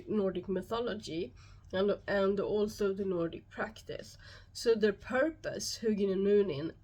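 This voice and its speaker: Slow-talking Swedish woman. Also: medium pitch. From Sweden. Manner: calm, measured explaining with frequent pauses. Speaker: YouTube host and shamanic practitioner. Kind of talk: solo explanatory talk to camera.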